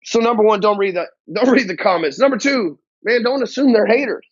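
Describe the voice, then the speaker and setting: A man's voice: sits high, fairly quick, breathy edge, dry recording. A male business coach giving a blunt, profane motivational talk to camera, full of slang and swearing. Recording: dull, dry lo-fi audio.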